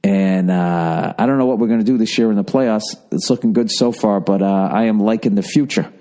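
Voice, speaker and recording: A man's voice: fairly low pitch, fairly quick, mellow. A man, hosting a podcast in a casual, profane, self-mocking rambling monologue. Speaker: podcast host.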